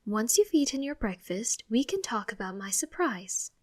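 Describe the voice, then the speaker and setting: A woman voicing a cheerful, doting mother who is gentle and coaxing, then eager and excited. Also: on the high side, moderate pace.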